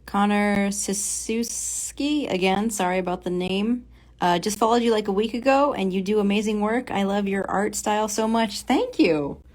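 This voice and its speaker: A young woman streaming as she draws comics, chatting casually, reading viewer comments aloud and muttering softly to herself as she works. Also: mid-range voice, normal speed. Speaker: comic book artist streaming a drawing session. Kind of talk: casual livestream chat while drawing.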